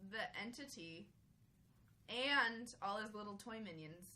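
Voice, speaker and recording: A woman's voice: mid-range voice, expressive, measured pace, pushed and bright, a little hiss or hum. A young woman chatting casually as a podcast guest, blunt and quizzical. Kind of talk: casual chat.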